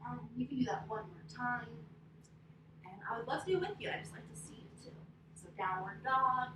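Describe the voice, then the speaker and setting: A woman leading young children through an interactive story and yoga lesson, expressive and prompting them to repeat after her. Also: fairly high pitch, moderate pace. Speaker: preschool teacher leading kids' yoga. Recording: echoey, distant, noisy room.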